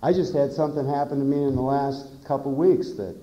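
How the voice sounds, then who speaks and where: A man's voice: mid-range voice, steady tone, a little fast, warm tone. A middle-aged man giving a plain-spoken, earnest personal testimony at a recovery meeting. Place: conference hall. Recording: echoey dull conference tape.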